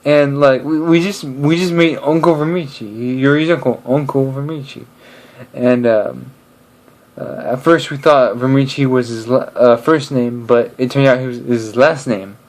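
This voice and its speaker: Guy rambling to camera, slow and halting, lots of ums. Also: mid-range voice, fairly even intonation, a little mellow. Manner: hesitant, many fillers and restarts. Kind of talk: casual talk to camera.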